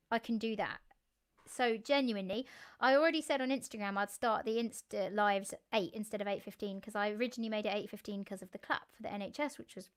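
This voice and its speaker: A young woman, a musician, chatting casually and warmly with her live stream viewers, laughing often and thanking them by name. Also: medium pitch, clean tone.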